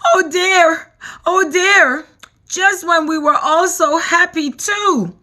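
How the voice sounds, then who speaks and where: A woman's voice: extremely high pitch, slow, pushed and bright, pitched above the performer's own voice, full character voice. A woman doing a fretful ladybug. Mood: tearful. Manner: tearful, fretful. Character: gentle, anxious female ladybug.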